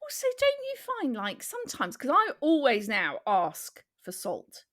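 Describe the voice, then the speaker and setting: Female co-host from Britain, bright and high voice, giggly and emphatic. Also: huge pitch swings, measured pace. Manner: giggly and emphatic, repeats words for effect. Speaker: podcast co-host. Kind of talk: casual comedy chat.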